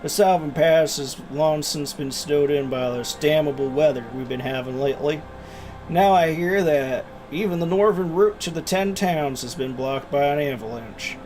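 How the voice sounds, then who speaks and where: A man's voice: a little high, moderate pace, darkish tone, soft background music, close to an everyday voice. A man voicing a grieving, gloomy village blacksmith with a wandering put-on Scottish brogue.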